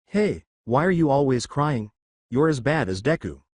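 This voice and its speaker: A man's voice: mid-range voice, big pitch swings, normal speed, no echo, studio quality. A man voicing a brash, angry teenage boy who snarls and curses. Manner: snarling, cursing.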